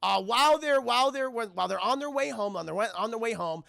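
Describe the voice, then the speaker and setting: A man's voice: extremely high pitch, animated, fast talker, creaky, sharp tone, no echo. A man streamer retelling a film to his chat, casual, profane and rambling, on a close microphone.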